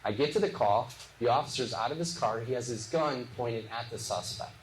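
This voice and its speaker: A man doing lively stand-up comedy, telling punchy stories with quick voiced asides on a live stage. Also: medium pitch. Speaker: stand-up comedian and former police officer. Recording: echoey venue with clear background noise.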